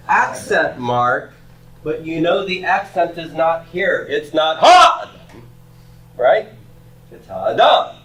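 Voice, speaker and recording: A middle-aged man teaching a Hebrew grammar class, patient and often checking in with "okay?" and "right?". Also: a little high. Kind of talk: classroom lecture.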